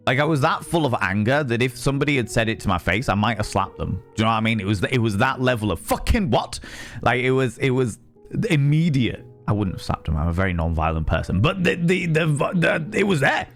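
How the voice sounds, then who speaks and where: A male streamer and occasional voice actor sounds expressive and brisk in a mid-range voice, with faint music in the background. Chatting casually on stream, he swears heavily, rants with emphasis, repeats himself, and restarts sentences midway.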